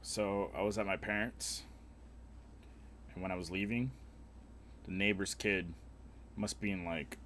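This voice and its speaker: Casting: young male streamer, lowish voice, crude and blunt, acts out the people in his stories. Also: unhurried, pauses often, slight background noise. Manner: blunt, heavily profane, animated retelling with voiced quotes. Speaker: live streamer. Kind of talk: casual storytelling while gaming.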